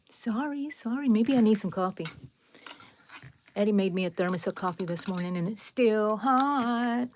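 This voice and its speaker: A woman's voice: medium pitch, normal speed, a little mellow. Chatty Texan woman hosting a crochet stream. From Texas, USA. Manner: chatty, talks straight to viewers, rambling asides. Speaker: crochet livestream host. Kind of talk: casual live crochet tutorial.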